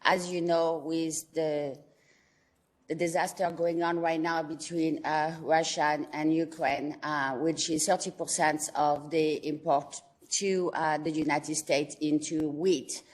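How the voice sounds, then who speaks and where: A woman from France with a French accent, giving earnest testimony at a board meeting as a company founder, her English halting and full of fillers. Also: low-pitched, little pitch movement.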